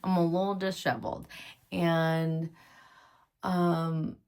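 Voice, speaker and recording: A woman's voice: on the low side, slow, clear, resonant tone. A woman in her thirties, a mother of five, telling her own story to camera in a casual, laughing way, dropping to a whisper when she voices her thoughts. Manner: animated, laughing, drops into whispers for inner thoughts.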